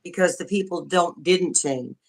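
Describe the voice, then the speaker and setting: A woman's voice: on the low side, moderate pace, vocal fry. A woman joining a casual livestream chat by video call, speaking frankly and openly with frequent restarts. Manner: candid, frank, restarts often. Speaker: guest.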